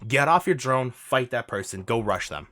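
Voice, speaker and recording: A man's voice: mid-range voice, lively intonation, moderate pace, pushed and bright, no room sound, studio quality. A man coaching over gameplay footage, urgent and insistent, repeating his instructions and pleading with the player. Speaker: gaming coach.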